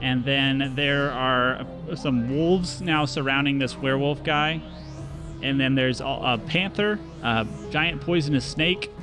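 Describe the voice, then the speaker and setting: A man's voice: mid-range voice, takes it slowly, over music. Rambling young male game master. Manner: relaxed, rambling, many fillers and restarts. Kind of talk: narrating a tabletop game.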